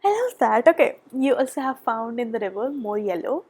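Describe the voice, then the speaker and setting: A woman giving a tarot reading, gushing and excitable, often dropping to a soft whisper, a little out of breath. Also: on the high side, a little fast, slightly rough. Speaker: tarot reader. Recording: background noise.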